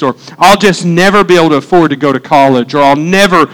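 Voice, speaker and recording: A man's voice: fairly high pitch, quick pace, a bit bright, rough recording. A man preaching a sermon as a pastor, talking to the congregation in a casual, joking way and acting out the people in his stories. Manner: humorous, conversational preaching, acting out quotes.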